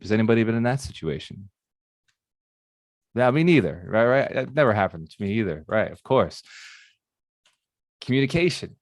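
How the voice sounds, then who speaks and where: Animated male mentor quizzing his audience. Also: mid-range voice, no echo, clean studio sound. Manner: animated, asks the audience questions. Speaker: real estate mentor. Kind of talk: motivational talk to a live online audience.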